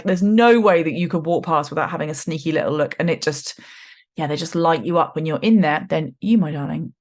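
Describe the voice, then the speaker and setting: A woman in her forties hosting a podcast, talking in a chatty, animated way with slangy asides. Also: fairly low pitch. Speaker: podcast host. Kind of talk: casual spiritual podcast monologue.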